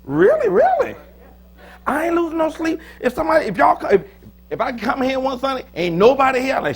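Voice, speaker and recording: Man preaching, high pitch, very animated, jokey, faint mains hum. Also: brisk, gravelly. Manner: lively, joking preaching with sudden loud high bursts. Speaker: pastor. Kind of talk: sermon. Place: church.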